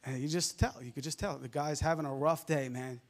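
A male preacher with a softened New York accent, delivering a fervent sermon full of amens and hallelujahs. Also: a little high, steady tone, fairly quick. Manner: fervent, peppered with amens and laughs.

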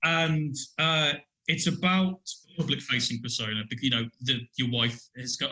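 A man with a bright, clear-toned voice talks through a song on a podcast. He is animated and rambling, circling back and restarting as ideas come to him. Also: medium pitch, brisk, poor audio. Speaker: podcast guest, musician. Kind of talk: casual music discussion.

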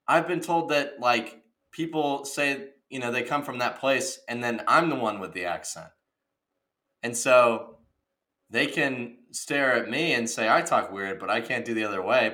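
A young man from the Midwest, chatting casually and jokingly on a podcast. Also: mid-range voice. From American Midwest. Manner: excitable, jokey, says dude a lot.

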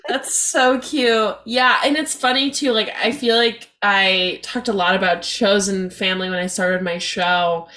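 A woman's voice: mid-range voice, steady tone, unhurried, few pauses, pushed and bright. A young woman hosting a podcast, chatting in a gushing, upbeat and slangy way. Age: young adult. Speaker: podcast host. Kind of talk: casual chat.

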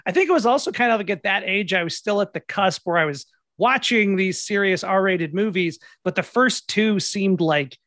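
A man's voice: sits high, animated, normal speed, few pauses, a bit bright, dry recording, studio quality. Affable male podcast host in his forties. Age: 40s. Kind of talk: casual interview chat.

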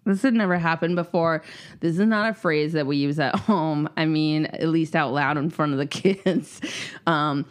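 Host, woman in her thirties, slightly low voice, animated storyteller who laughs often and swears casually. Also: normal speed. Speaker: podcast host. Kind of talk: casual chat.

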